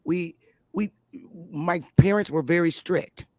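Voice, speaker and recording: A woman from Connecticut hosting a casual conversation, talking in a slow, emphatic, outspoken way. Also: fairly low pitch, dry recording. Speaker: host.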